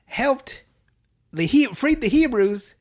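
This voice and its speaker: A man's voice: extremely high pitch, big pitch swings, slow, a little mellow, voice pushed up, exaggerated voice. A man voicing an unhinged middle-aged male schoolteacher who rambles in a sing-song way. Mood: rambling.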